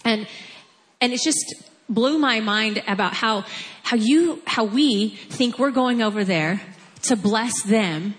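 A woman in her forties telling a personal mission story in an earnest, halting, emotional way. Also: a little high, in a large hall. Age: 40s. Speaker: mission trip speaker. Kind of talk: personal testimony.

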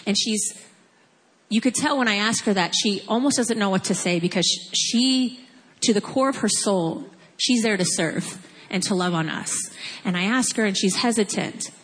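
Woman in her 40s sharing a heartfelt trip story, earnest and kind of halting. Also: medium pitch, a bit bright, in a large hall. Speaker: mission trip speaker. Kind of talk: personal testimony.

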